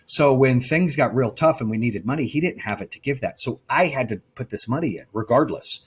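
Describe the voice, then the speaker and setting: A man's voice: mid-range voice, animated, a little fast, slightly rough. A man being interviewed as a company founder, telling his story in a blunt, emphatic way and often correcting himself mid-sentence.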